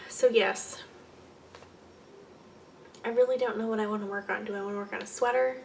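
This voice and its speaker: A young woman hosting a casual knitting podcast, rambling and correcting herself, often trailing off into soft muttered asides. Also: medium pitch, steady tone, fairly quick, gravelly, pauses often, far from the mic, slight background noise. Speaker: podcast host.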